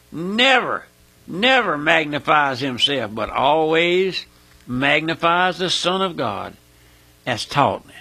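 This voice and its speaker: A husky-voiced man preaches a fiery sermon in a slow, deliberate delivery, his pitch swinging widely as he leans on repeated words and breaks into high, ringing cries. The sound is dry and close, with a bright, forceful edge.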